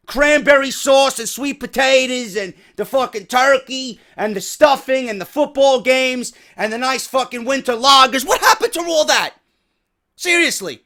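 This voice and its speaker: A man in his thirties with a New York accent and a hoarse voice, telling a story as a profane, angry rant with loud bursts. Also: very high-pitched. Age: 30s. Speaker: wrestling podcast host.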